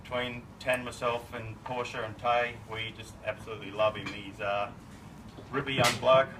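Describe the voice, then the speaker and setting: A man's voice: mid-range voice, level tone, normal speed. A middle-aged man giving a casual birthday speech as a family friend, laid-back and chuckling, with plenty of slang. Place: party in a shed. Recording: far from the mic, noisy room.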